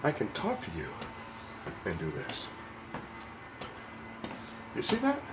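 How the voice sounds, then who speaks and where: A man's voice: medium pitch, wildly swooping pitch, takes it slowly, music in the background. An older man doing a motivational fitness vlog while climbing stairs, slightly winded, upbeat and coaxing as he talks straight to viewers. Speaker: fitness vlogger.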